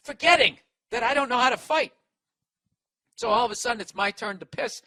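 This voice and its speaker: A man in his forties, a podcast host, telling a story as a loud, profane comic rant. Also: sits high, big pitch swings, quick pace, creaky, no echo. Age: 40s. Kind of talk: ranting comic monologue.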